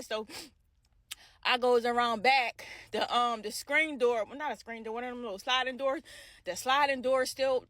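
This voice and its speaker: A woman's voice: a little high, no echo. A woman vlogger telling a dramatic story in a casual storytime style, acting out heated quotes and talking straight to her viewers. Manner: dramatic retelling with shouted quotes, addresses viewers directly.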